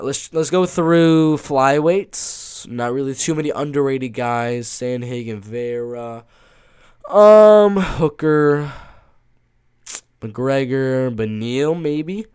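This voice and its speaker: Laid-back man streamer, lively pitch. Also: clean tone. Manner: laid-back, offhand, often ends lines with "man". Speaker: MMA live streamer. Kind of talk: casual live-stream Q&A reading chat.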